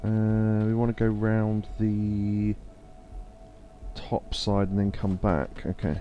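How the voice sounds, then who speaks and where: A man's voice: lowish voice, little pitch movement, slow pace, highs cut off. A man giving rambling, laid-back commentary as he plays a game live, reading game text aloud as he goes. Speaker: streamer playing a game. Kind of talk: casual let's-play commentary. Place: home streaming setup. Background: faint game music.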